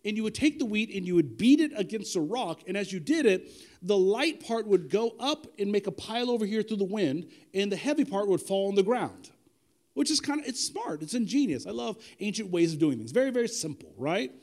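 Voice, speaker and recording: A man's voice: high voice, very animated, brisk, a little mellow. A man preaching a sermon in a conversational, storytelling way with humor. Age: adult with children.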